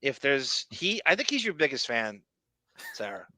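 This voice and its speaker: A man's voice: medium pitch, very animated, moderate pace, bright, forceful tone, no room sound. A man co-hosting a podcast, talking in a blunt, rambling, profane casual way. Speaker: podcast co-host.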